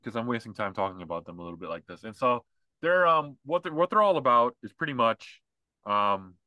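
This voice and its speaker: A man talking casually on a podcast, rambling and mocking as he goes. His voice is bright and forceful, and it sits at a middle pitch. The sound is dry and close, with no room in it. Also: no room sound, rough recording. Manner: rambling, mocking, mimics others in put-on voices. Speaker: podcast co-host.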